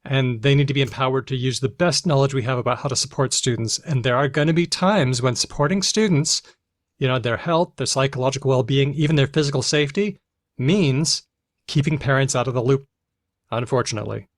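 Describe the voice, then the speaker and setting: A man's voice: medium pitch, brisk, no room sound, studio quality. A man hosting a podcast, speaking earnestly and steering the conversation. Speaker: podcast host. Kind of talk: casual chat.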